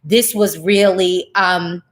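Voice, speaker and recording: A woman with a lowish voice speaks slowly in a chatty, animated vlog reaction. She piles on fillers and nitpicking notes, getting emotional and laughing mid-thought.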